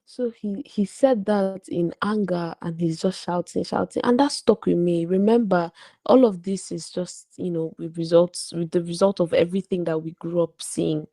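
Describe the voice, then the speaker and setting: Gravelly low-voiced woman storyteller. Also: moderate pace. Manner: animated, full of asides and quoted dialogue. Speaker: podcast guest. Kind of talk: casual storytelling.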